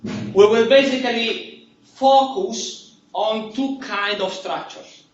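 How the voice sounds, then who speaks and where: A man's voice: high-pitched, takes it slowly, roomy sound, distant mic, dull audio, slight background noise. A man with an Italian accent giving a university lecture in a chatty way, repeating key words and checking in with "right?". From Italy. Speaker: university instructor. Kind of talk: lecture to a class. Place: lecture hall.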